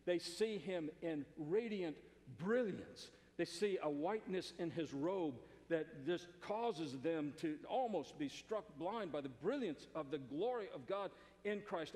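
A man's voice: a little high, a little mellow, long reverb tail. A male pastor preaching a sermon in a church, emphatic and conversational, often repeating phrases.

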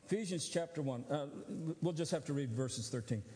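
A man's voice: a little high, a little fast, dark tone. A man preaching a sermon as pastor, teaching in a conversational way and checking that his listeners follow. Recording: long church hall reverb.

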